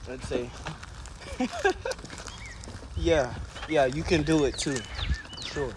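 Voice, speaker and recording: A high-pitched man tells an improvised what-if story in a loose, joking way, tossing in playful insults and curses. Steady hiss sits under his voice throughout the recording. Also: takes it slowly. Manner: casual, swearing, playful trash talk. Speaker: co-host.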